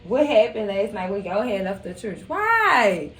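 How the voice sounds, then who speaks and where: Speaking at a fairly quick clip, a young woman with a mellow, medium-pitched voice hosts a casual TV recap. She laughs often and acts out quotes from the show. The mic is distant, and the room is echoey.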